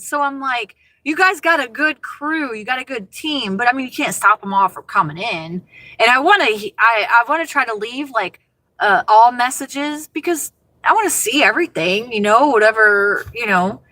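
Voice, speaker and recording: A woman chats with her viewers from the driver's seat, expressive and quick to laugh. Her voice is bright, forceful and on the high side, and it sounds dry and close. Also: no room sound. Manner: expressive, animated, laughs often. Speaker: livestream host chatting with viewers. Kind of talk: casual livestream chat. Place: inside her car.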